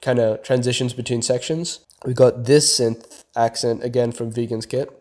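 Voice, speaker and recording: A young man narrates a casual beat-making tutorial, laid-back and step by step, using fillers like "kinda" and "like." His mid-range voice stays steady at a moderate pace; the music behind him is described both as loud and as a faintly playing beat.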